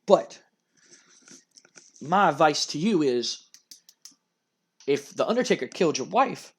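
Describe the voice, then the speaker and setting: A man voicing an earnest, formal male private detective who questions and pitches himself as a bodyguard. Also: fairly bright tone, husky, heavily acted. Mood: persuasive. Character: earnest male private-eye wrestler, self-important.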